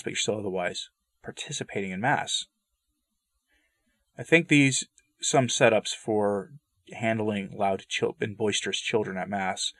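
A man reading a saint's visions aloud in a measured way, with loose spoken asides that break off and restart. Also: lowish voice, a bit bright, no echo, studio quality. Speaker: religious commentator. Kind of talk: reading a saint's story with commentary.

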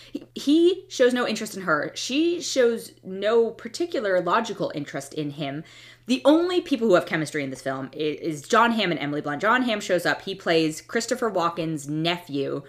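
A woman with a fairly low voice that swings widely in pitch as she talks. She reviews films in a blunt, exasperated, opinionated way, breaking off and restarting her sentences as she goes. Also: fairly bright tone. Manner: restarts and trails off mid-thought. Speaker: film reviewer. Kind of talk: casual movie review monologue.

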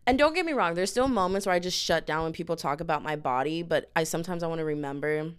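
A young woman hosting a podcast, chatting in an animated, candid way and calling her listeners girl and y'all. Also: sits low, quick pace, clean tone. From family from Dominica, lives in Houston. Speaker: podcast host. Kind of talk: casual personal chat.

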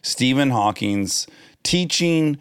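A man's voice: mid-range voice, lively intonation, slow, clear, resonant tone, no room sound. A man with an American accent hosting a podcast, chatting casually, effusive and storytelling. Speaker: podcast host. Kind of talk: casual chat.

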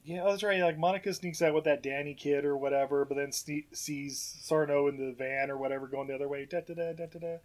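A man's voice: fairly high pitch, steady tone, fast, hardly any pauses. A man co-hosting a podcast, recapping a movie in casual chat, laughing often and acting out lines. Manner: laughs often, acts out lines in goofy voices. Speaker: podcast co-host.

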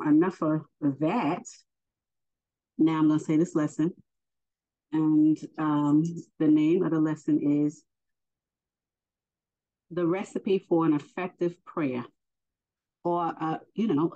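A woman giving a casual spoken religious lesson, unhurried and hesitant with many fillers. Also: low-pitched, mellow. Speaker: faith teacher. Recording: dull lo-fi recording.

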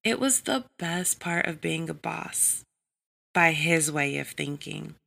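A woman narrating an adult story in a measured, even reading style. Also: sits low, creaky.

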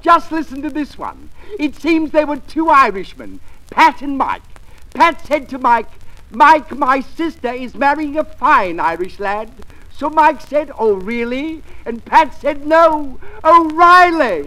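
Corny pompous comedian, high affected voice, 1940s radio comedy. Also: male voice, very animated, unhurried, pushed and bright, exaggerated voice, poor audio. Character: corny man comedian Heathcliff, pompous punster.

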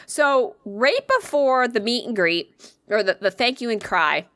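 Excitable young woman telling a story. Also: a little high, measured pace, no room sound. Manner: excitable, swears freely, acts out quoted voices. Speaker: convention volunteer telling a story. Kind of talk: casual storytelling chat.

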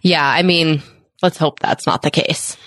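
A woman co-hosting a podcast in casual chat, matter-of-fact and quick to laugh. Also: low voice, steady tone, fairly bright tone, no room sound, studio quality. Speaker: podcast co-host.

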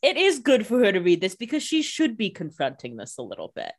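A young adult woman co-hosting a podcast, chatting casually and tossing in quick jokes about the episode. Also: mid-range voice, wildly swooping pitch. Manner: chatty, laughs often, quips. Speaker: podcast co-host. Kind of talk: casual recap chat.

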